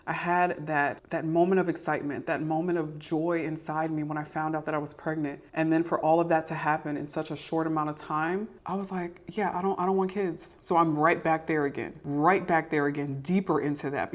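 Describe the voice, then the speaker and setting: A low-pitched woman tells her personal testimony. She talks in a candid, earnest, confessional way and repeats phrases for emphasis. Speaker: podcast host sharing testimony.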